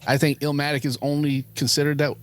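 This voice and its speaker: A man's voice: fairly high pitch, little pitch movement, fast talker. A man co-hosting a podcast in casual chat, who laughs often and chimes in with memories of old records. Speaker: podcast co-host. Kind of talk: casual chat about hip hop records.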